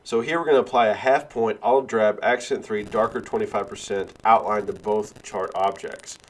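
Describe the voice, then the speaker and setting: A man instructor giving a screen-recorded software tutorial, explaining each click step by step and correcting himself along the way. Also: on the low side, normal speed. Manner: steady step-by-step walkthrough, self-correcting.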